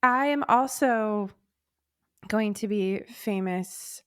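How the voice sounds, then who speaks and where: Slow-talking woman, affectionate and teasing. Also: mid-range voice, fairly bright tone, clean tone, dry recording, studio quality. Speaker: podcast co-host. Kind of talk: casual chat.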